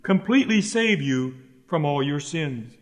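Heard in a long, reverberant hall, a man gives a sermon in a fairly high, expressive voice, taking his time. He pleads earnestly with listeners, stressing and repeating his key lines.

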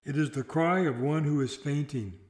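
A man delivering a sermon in a solemn, measured way, slowing down for dramatic quotations. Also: on the high side, darkish tone, echoey room. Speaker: preacher.

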